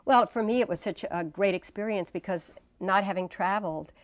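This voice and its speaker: A woman's voice: medium pitch, a little fast, no room sound. A woman in her sixties, an interview guest, telling stories animatedly and acting out the voices of people she quotes. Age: 60s. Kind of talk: casual storytelling interview.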